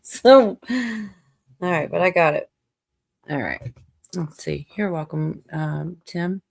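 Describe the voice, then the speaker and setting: A woman's voice: on the low side, slow, vocal fry. A woman hosting a casual livestream chat, rambling with lots of fillers and frequent laughter. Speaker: livestream host.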